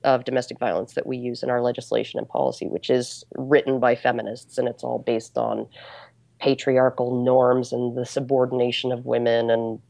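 A woman with a low voice answers interview questions in a casual chat. She explains at length, pausing on fillers as she builds each point. The recording is dry and close. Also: steady tone, gravelly, warm tone, no room sound. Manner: deliberate, explanatory, with many fillers. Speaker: interview guest.

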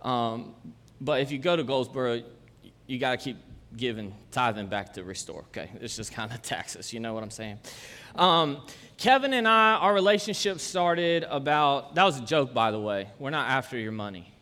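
Joking pastor in a reverberant hall. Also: male voice, medium pitch, sing-song, moderate pace, sharp tone. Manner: casual, joking, chatty asides. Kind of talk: conversational sermon. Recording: long church-hall reverb.

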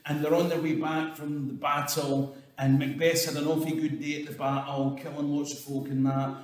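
A man's voice: a little high, level tone, moderate pace. A Scottish man giving an irreverent comic history talk, swearing and chuckling through his asides. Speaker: storyteller. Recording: echoey hall from far off.

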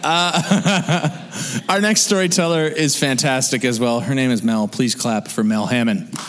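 A man's voice: mid-range voice, a little slow, a bit bright. A man hosting a live storytelling show, joking and chuckling as he introduces the next storyteller. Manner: joking, chuckling between remarks. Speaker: host. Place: hall with audience. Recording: long hall reverb, clear room ambience.

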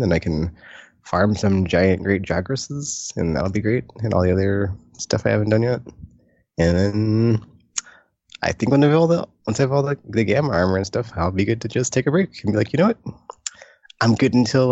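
A man's voice: fairly low pitch, darkish tone, dry recording. A man hosting a podcast in casual chat, rambling loosely with lots of fillers and restarts. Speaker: podcast host. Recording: dry, slightly dull lo-fi sound.

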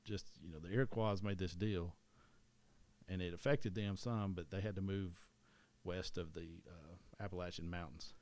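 A man's voice: deep voice, steady tone, normal speed, a little mellow. A man from East Tennessee with a Southern accent, co-hosting a casual history chat in a rambling way, often restarting and correcting himself.

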